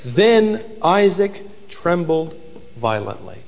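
A man's voice: on the high side, lively intonation, normal speed, big-room sound, highs cut off. A married man preaching a sermon, reading scripture aloud dramatically and voicing its characters. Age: adult, married. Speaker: pastor.

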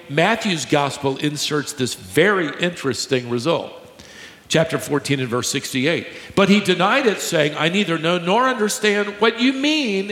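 A man preaching a sermon to a congregation, teaching emphatically, slowing down to stress key words and joking with the crowd. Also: on the high side, a bit bright. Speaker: pastor. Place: large church hall with a live congregation. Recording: echoey hall, long reverb.

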